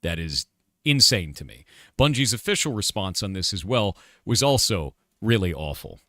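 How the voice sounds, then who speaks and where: A middle-aged man on a live stream, venting in a casual rant full of swearing and hard emphasis. His voice sits fairly low yet swings widely up and down, and the sound is close and dry. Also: sing-song, moderate pace, sharp tone, dry recording. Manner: angry, profane, emphatic. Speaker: streamer and game developer.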